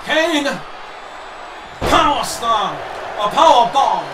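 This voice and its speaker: A man giving excited play-by-play commentary over a wrestling video game, gasping and repeating "wait a minute" and "uh-oh". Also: extremely high pitch, slow. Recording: echoey room, voice from far off. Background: loud game crowd and noise.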